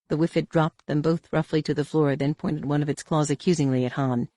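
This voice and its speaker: A man narrating an audiobook in a steady, even reading. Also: fairly high pitch, a little fast, no room sound, clean studio sound. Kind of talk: scripted narration.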